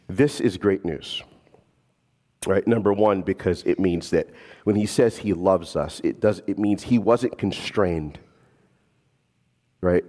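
A man preaching a sermon as a pastor, animated and casual, slipping in jokes. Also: low voice, slow, long pauses, in a large hall.

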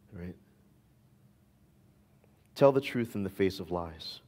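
A man's voice: low voice, expressive, takes it slowly, pauses often, mellow, in a large hall. A man preaching a sermon as pastor, emphatic and repeating his key phrases.

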